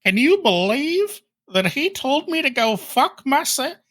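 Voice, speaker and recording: A man's voice: lowish voice, lively intonation, a little slow, pushed and bright. A man putting on a mocking, exaggerated impression of a whiny, self-pitying male streamer. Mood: indignant whine.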